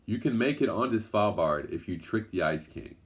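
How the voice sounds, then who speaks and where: A wise brown bear from a children's book, low-voiced and calm as it gives advice, played by a man reading aloud. It sounds steady and helpful. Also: normal speed, lightly acted. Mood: advising.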